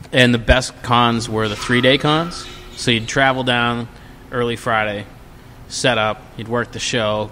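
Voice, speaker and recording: A man co-hosting a podcast, telling a drinking story in a casual, animated, profane way. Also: fairly low pitch, big-room sound, slight background noise. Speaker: podcast co-host.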